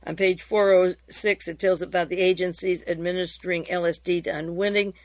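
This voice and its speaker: A woman radio host reading hearing transcripts aloud and commenting, in a steady reading voice with occasional fillers and restarts. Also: on the low side, brisk, no echo.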